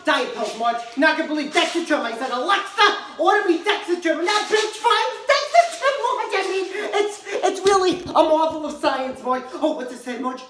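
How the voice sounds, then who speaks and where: Woman putting on a brash gossipy lady friend, high shrill voice, rambling and profane, comic monologue, echoey room. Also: very animated, moderate pace, few pauses, fairly bright tone. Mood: frantic. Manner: rambling, profane, says the friend's name constantly. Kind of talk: comic character monologue to camera.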